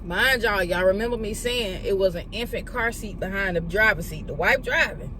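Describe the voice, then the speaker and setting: A woman telling a story to her viewers, retelling a confrontation in an animated, profane way with heated quoted dialogue. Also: mid-range voice, normal speed, noisy background. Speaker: vlogger. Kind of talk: storytime vlog.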